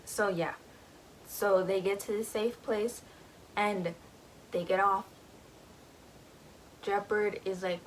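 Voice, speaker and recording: A woman's voice: mid-range voice, fairly even intonation, slow pace, long pauses, slight background noise, low-quality recording. Rambling woman recapping a book. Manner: rambling, full of fillers.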